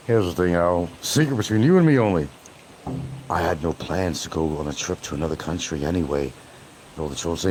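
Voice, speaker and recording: A man's voice: sits low, big pitch swings, moderate pace, a little mellow. Male livestream host, casual and profane, voice swinging up and down, faint noise behind. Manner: profane, laughing along, loose and rambling. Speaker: livestream host reading chat. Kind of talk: casual rambling chat.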